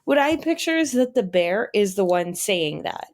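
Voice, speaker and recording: A woman's voice: medium pitch, big pitch swings, moderate pace, a little mellow. Giggly, easygoing young woman co-host. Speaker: podcast co-host. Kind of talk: casual chat.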